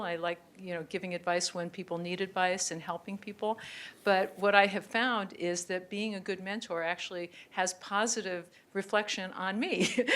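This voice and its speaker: A woman's voice: mid-range voice, a bit bright. A woman institute director giving conversational opening remarks at a seminar in a university auditorium. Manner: conversational, with small restarts. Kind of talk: introductory remarks.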